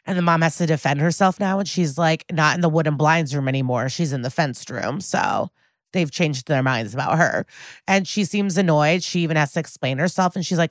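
A woman's voice: low voice, a little fast, no room sound, studio quality. A woman co-hosting a podcast, recapping a TV episode in a wry, snarky, casual way and swearing now and then. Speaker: podcast co-host.

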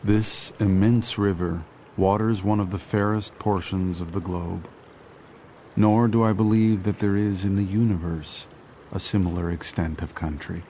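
Male reader, deep and dark, solemn measured reading; faint crickets behind. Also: fairly even intonation, slight background noise. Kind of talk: solemn reading of a historical quote.

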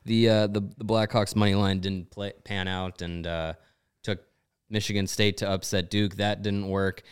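Guy hosting a sports podcast, lowish voice, really clean and smooth, loose chatty delivery. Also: moderate pace. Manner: relaxed, talks through bets and scores with fillers. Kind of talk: casual sports chat with ad reads.

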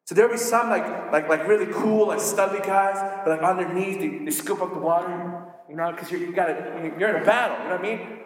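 A high-pitched man preaching a relaxed, storytelling sermon and slipping into playful voices for the characters. The sound rings around a big, roomy hall with a long echo tail. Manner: animated, acts out characters with quick voices. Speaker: pastor. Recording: echoey hall with long reverb.

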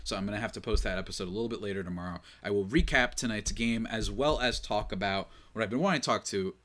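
A man hosting a casual sports podcast, opinionated and quick to rant in exasperation, running on little sleep. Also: lowish voice, a bit bright. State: short on sleep. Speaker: podcast host.

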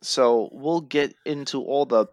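A man's voice: medium pitch, a little slow, darkish tone, dry recording. A man co-hosting a casual wrestling recap podcast, playful and rambling, sounding tired and yawning. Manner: playful, jokey, rambling with fillers. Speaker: podcast co-host.

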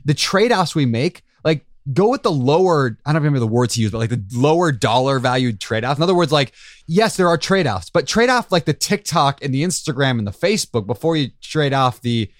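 A man co-hosting a podcast who talks in a quick, reflective way and uses lots of fillers. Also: medium pitch, expressive, dry recording, studio quality. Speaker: podcast co-host. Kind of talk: casual podcast conversation.

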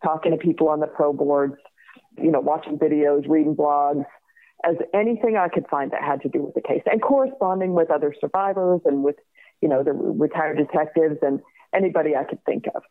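A woman in her fifties, a guest telling her story in a lively way, laughing often and acting out the other voices. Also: deep voice, a little fast. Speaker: guest, crime survivor. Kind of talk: personal storytelling in an interview. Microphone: phone call. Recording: tinny phone line.

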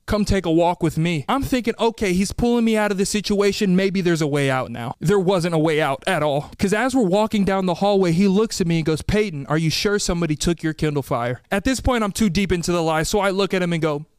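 A man's voice: sits high, a little fast, hardly any pauses, clean tone, dry recording, studio quality. A young man hosting a podcast, telling a story animatedly and acting out other people's lines. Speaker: podcast host.

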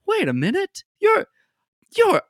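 A man's voice: huge pitch swings, slow, dry recording, clean studio sound, exaggerated voice. A man voicing Mo, a jittery, panicky crook in a tabletop game, who talks in frantic yelps. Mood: urgent. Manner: frantic, high-pitched yelping.

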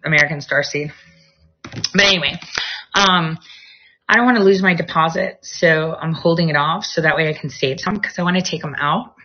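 A woman vlogs from home in a casual, rambling way, hopping between topics as they come to her. Her voice sits low and a bit husky. The recording sounds dull and lo-fi. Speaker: vlogger. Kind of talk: casual chat to viewers. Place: at home, near a bedroom studio.

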